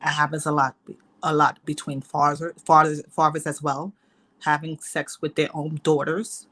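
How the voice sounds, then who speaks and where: Panel guest, woman, bright tone, emphatic and insistent. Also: low voice, flat delivery, normal speed. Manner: insistent, emphatic, repeats her points. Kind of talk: live online panel discussion.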